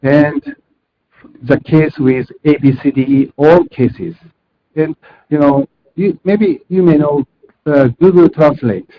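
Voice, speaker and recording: A man giving a technical conference presentation over a video call, speaking hesitantly and correcting himself as he goes. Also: fairly high pitch. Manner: hesitant, halting with self-corrections. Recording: muffled video-call audio.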